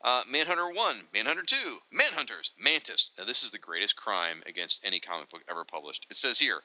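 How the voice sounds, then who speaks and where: A man co-hosting a casual chat, reading entries aloud from a reference book and adding excitable, joking asides. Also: fairly low pitch, fairly quick, few pauses, dry recording, rough recording. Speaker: podcast co-host.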